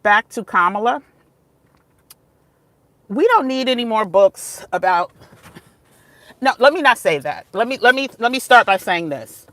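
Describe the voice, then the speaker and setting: A woman's voice: on the high side, animated, measured pace, long pauses, a bit bright, no room sound. A woman vlogging in a casual, chatty way, often wandering off topic and laughing as she talks to her viewers. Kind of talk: casual vlog talk. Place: outdoors, moving between places.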